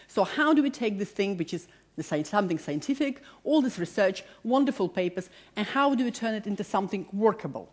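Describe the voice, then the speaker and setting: A woman in her forties, a positive psychology lecturer, speaks enthusiastically to a live audience in a large public hall, poking fun at herself and talking to them directly. She has a medium-pitched voice and a non-native accent with a slight British tinge.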